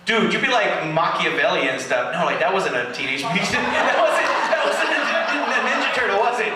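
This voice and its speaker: A spoken-word poet reading to a live audience, slow and deliberate in his poems, rambling and laughing in his banter. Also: high-pitched, sing-song, bright, forceful tone. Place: indoor venue with live audience. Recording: echoey room, mic far off, faint noise.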